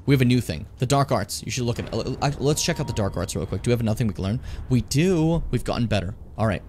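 Over slight background noise, a fast-talking man of medium pitch plays a fantasy role-playing game on stream. He's animated and casual, cracking jokes and chatting with his audience as he goes.

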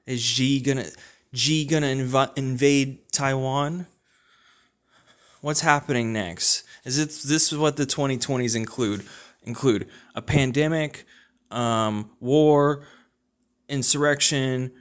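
A man's voice: mid-range voice, steady tone, slow, fairly bright tone. A young man rants in exasperated disbelief, firing off one rhetorical question after another. His comedic tirade swings between weary complaint and mock outrage. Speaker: satirical ranter. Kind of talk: comedic rant.

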